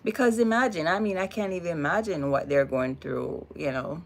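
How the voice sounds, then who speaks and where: A woman's voice: on the low side, fairly quick. A woman with a Jamaican accent hosting a casual livestream, talking emphatically and repeating words for weight. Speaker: livestream host.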